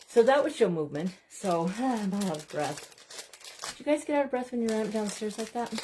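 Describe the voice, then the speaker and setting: A woman's voice: mid-range voice, darkish tone, a little hiss or hum. A woman hosting a casual crafting livestream from home, chatting to viewers, teasing herself and apologizing often. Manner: chatty, keeps addressing viewers as "you guys"; self-deprecating and apologetic.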